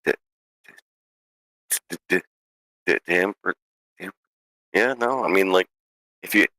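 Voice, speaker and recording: Low-voiced guy cracking jokes, bright punchy tone, dry close sound. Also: no echo. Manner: joking, teasing, quick to laugh. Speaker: player. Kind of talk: casual podcast chat.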